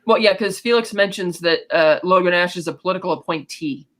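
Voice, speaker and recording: High-voiced man recapping a film. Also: fairly bright tone, low-quality recording. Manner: retells scenes quickly with many "you know" fillers. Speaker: podcast co-host. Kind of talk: casual film recap chat.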